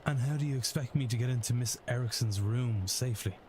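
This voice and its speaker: A man's voice: mid-range voice, fast talker, darkish tone, a little hiss or hum, close to an everyday voice. An actor playing a guarded male detective in a video game, speaking in a wry, questioning way. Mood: wary. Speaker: game character.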